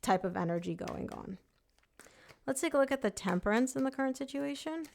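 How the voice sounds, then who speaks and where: A woman's voice: high-pitched, expressive, brisk, creaky, a little mellow, slight background noise. Woman tarot reader, chatty and emphatic, casual direct address. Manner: chatty, emphatic, voices the client's thoughts.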